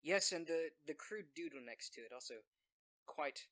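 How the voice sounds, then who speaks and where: A man playing a tabletop game who chats in an animated way and often stumbles over his words. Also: fairly high pitch, normal speed. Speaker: player. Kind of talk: casual chat.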